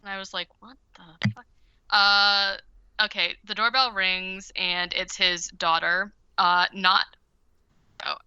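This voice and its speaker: Woman co-host chatting about a movie, says like a lot, bright smooth voice. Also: mid-range voice, flat delivery, takes it slowly, dry recording, dull audio. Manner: rambling, heavy use of "like". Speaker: podcast co-host. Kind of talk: casual movie recap chat.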